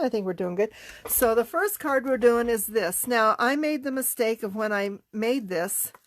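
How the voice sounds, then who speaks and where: A woman's voice: fairly high pitch, a little hiss or hum. A middle-aged woman with a stuffy, congested voice, chatting casually as she demonstrates card making. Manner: chatty, unhurried, talks while working. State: congested, sniffling. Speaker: card-making class teacher. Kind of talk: casual craft tutorial.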